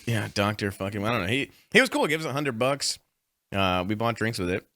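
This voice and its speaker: Comedy podcast co-host, man, bright animated storyteller, close dry studio mic. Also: lowish voice, a little fast, dry recording. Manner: profane, excitable, laughing storyteller. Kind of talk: casual banter, storytelling. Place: small recording studio. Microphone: studio microphone.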